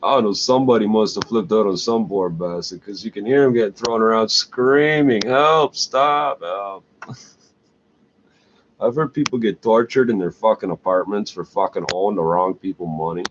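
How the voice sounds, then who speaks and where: A man's voice: lowish voice, moderate pace. A middle-aged man in a crude, scornful, profane ranting monologue. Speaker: vlogger. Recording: dull lo-fi recording with faint hiss.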